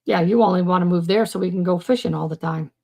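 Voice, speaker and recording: Gravelly low-voiced woman hosting a live chat. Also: fast, darkish tone. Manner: rambling, with many fillers and restarts; chats with viewers in the comments. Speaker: live stream host. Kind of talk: casual live chat on mental health.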